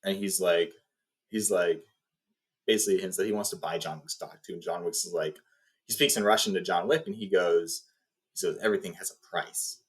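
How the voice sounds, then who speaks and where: A man with a fairly low voice retells a film plot in casual, rambling fashion. He restarts lines and leans on fillers as he goes. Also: moderate pace. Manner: rambling, filler-heavy storytelling. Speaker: video host.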